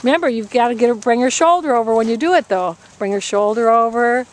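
A woman's voice: on the high side, quick pace. A woman riding instructor coaching a rider live, encouraging her and repeating short commands.

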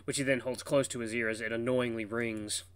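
A man reading a visual novel's second-person narration with brisk, lively storytelling. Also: mid-range voice, smooth, dry recording.

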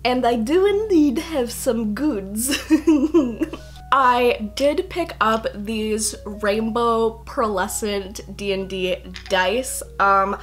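A woman's voice: on the high side, drawn-out words, faint music behind. A young woman, a fashion student, chatting casually to camera in a bubbly, giggly, playfully rambling way.

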